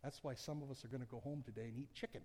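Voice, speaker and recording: A man preaching a sermon as pastor, with humor, moving between soft conversational asides and loud emphatic passages. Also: mid-range voice, steady tone, very fast, background noise. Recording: long church hall reverb.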